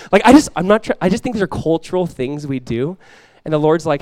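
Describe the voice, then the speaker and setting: A man's voice: a little high, expressive, fast talker, no echo. A young adult male pastor giving a conversational sermon, joking and acting out little quotes.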